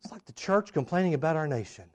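A man preaching a sermon, acting out the people in the story with big swings in loudness and emphasis. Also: fast talker. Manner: animated, acts out quoted voices with big swings in pitch and loudness. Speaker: pastor.

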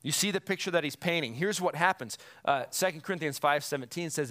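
A man's voice: a little high, fast talker, fairly bright tone. Earnest, emphatic man preaching a sermon. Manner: earnest, self-deprecating, emphatic. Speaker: pastor.

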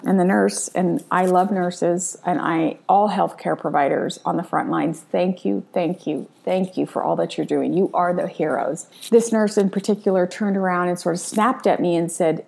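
A middle-aged woman recounts a personal experience in an earnest, reflective monologue. Her voice sits lower than most women's and carries a gravelly, creaky texture as she circles back and restarts her sentences. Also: moderate pace, few pauses, darkish tone.

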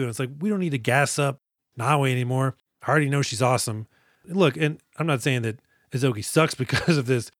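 A man's voice: medium pitch, a little fast, dry recording. Guy cohosting a movie podcast, jokey and sweary, dry close sound. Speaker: podcast co-host. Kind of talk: casual movie review chat.

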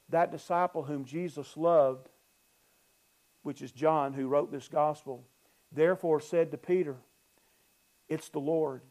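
Male preacher, mellow warm voice, fairly high, animated sermon delivery with conversational scripture commentary. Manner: animated preaching, swings from loud emphasis to low asides; reads scripture aloud and explains it conversationally. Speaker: pastor.

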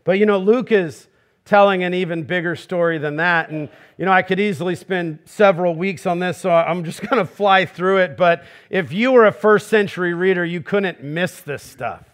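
A male pastor with a high-pitched voice delivers a sermon with emphatic, searching rhetorical questions. He acts out the voices he quotes. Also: moderate pace, a bit bright.

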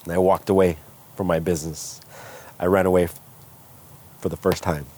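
A man from California, a guest entrepreneur, candidly telling his story with animated retellings of what people said. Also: low-pitched, normal speed, slight background noise. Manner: animated, acts out quoted voices. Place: outdoors by a smoky fire.

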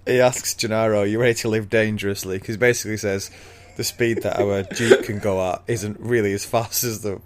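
A man with a lowish voice recounts a story at an easy pace. He laughs often between lines. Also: fairly even intonation, moderate pace, hardly any pauses, a little hiss or hum. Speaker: podcast co-host. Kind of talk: casual retelling of a story.

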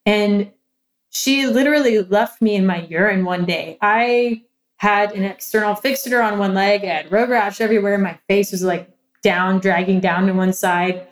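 A woman's voice: medium pitch, steady tone, moderate pace. A young adult woman, a guest in a casual interview, telling a personal story candidly and with animation, often laughing.

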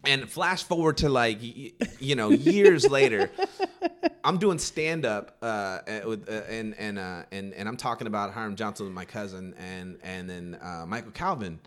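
A man on a podcast telling school stories in casual chat, animated and loose, full of fillers and swearing. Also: moderate pace, few pauses. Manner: animated, acts out quotes in a high voice; profane, filler-heavy. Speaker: podcast co-host.

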